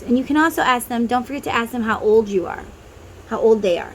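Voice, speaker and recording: This woman reads tarot and talks to her viewers in a casual way, leading an inner-child meditation between chatty asides. Her voice is a little high, a little fast, and darkish, captured on a low-quality recording with slight hiss or hum.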